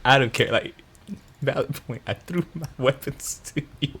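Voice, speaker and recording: A man's voice: medium pitch, moderate pace, fairly bright tone, husky. A man playing a tabletop role-playing game, speaking in character in a defensive, indignant way.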